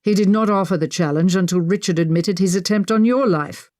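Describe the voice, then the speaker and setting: Female reader doing a remorseful nobleman, low and apologetic, dry close sound. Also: a little fast, a little mellow, no echo, lightly acted. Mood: pleading. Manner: begging, apologetic. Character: remorseful nobleman, pleading brother.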